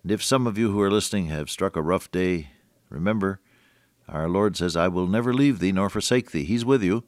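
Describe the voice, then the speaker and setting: An older man giving a folksy, earnest radio sermon, reading scripture slowly and solemnly. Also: low-pitched, no echo, clean studio sound. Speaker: radio preacher.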